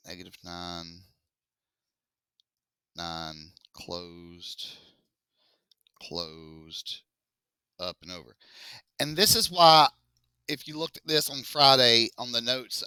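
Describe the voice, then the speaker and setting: Male math teacher, slow and dry, jokey with students. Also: mid-range voice, pushed and bright, clean tone, no room sound. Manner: casual, joking, talks to students as y'all. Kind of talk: classroom lecture working through a test. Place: classroom.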